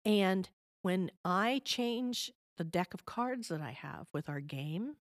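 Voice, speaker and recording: A woman's voice: fairly low pitch, expressive, slow pace, no room sound, studio quality. A middle-aged woman giving parenting advice as an interview guest, patient and explanatory, often checking in with the listener.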